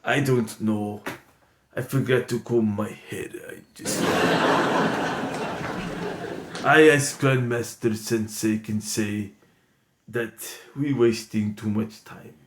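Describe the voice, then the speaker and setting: A man voicing a soft-spoken, patient male wolf playing a Latin lover in an improvised comedy sketch, talking low, slow and smug. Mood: puzzled. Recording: echoey room with steady noise.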